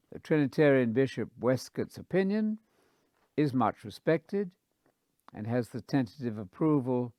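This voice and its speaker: A man giving a measured, scholarly lecture on scripture, quoting his sources carefully. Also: mid-range voice, a little mellow, dry recording, studio quality. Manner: deliberate, quotes sources carefully. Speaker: Bible teacher.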